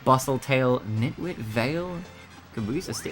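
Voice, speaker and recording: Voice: medium pitch, lively intonation, moderate pace, sharp tone, faint music behind. A streamer thinking aloud while solving word puzzles, muttering guesses and laughing often.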